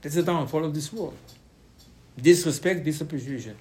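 A man teaching a Torah lesson in animated, loosely worded speech, acting out bits of the dialogue. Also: fairly high pitch, moderate pace. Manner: animated, acts out dialogue, ungrammatical phrasing.

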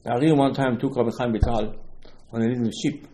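Animated man teaching a Torah lesson. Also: mid-range voice, quick pace, slight background noise, poor audio. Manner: storytelling with acted quotes, rhetorical questions, rising emphatic bursts.

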